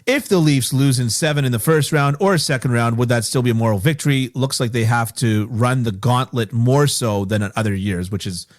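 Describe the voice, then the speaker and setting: A man's voice: mid-range voice, fairly quick, few pauses. A Canadian man hosts a casual sports podcast in an agreeable, chatty way. His sentences wander and restart as he talks things through. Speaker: podcast host.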